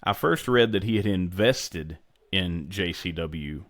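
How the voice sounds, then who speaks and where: A man's voice: low voice, animated, takes it slowly, no room sound, clean studio sound. A man co-hosting a podcast in casual chat, rambling and restarting his sentences. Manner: rambling, self-interrupting. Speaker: podcast co-host.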